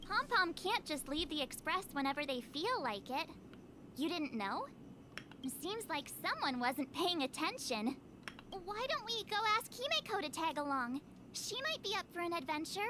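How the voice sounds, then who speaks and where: A bright young game heroine, chatty and upbeat, speaking in a very high, lively voice. Her lines come slowly and over-enunciated, with a faint hiss of noise behind the game audio. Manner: slow, over-enunciated line reading. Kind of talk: game character dialogue.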